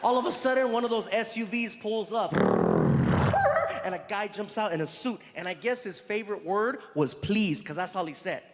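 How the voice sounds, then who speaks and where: A man in his thirties doing stand-up comedy storytelling, animated and breaking into loud character voices. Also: high-pitched, moderate pace. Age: 30s. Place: stage in a large venue. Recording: reverberant venue, faint noise.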